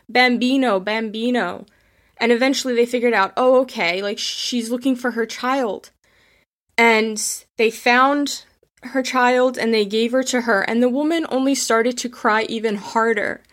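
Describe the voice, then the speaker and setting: Woman telling history stories with feeling. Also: fairly high pitch. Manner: emotional, animated, acts out quoted voices. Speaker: history storyteller. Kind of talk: casual spoken history storytelling.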